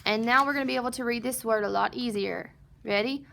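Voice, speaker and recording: Recording a phonics lesson for first graders, a woman sounds out word parts slowly and patiently and answers questions she puts to herself. Her pitch is on the high side, with a gravelly, sharp tone.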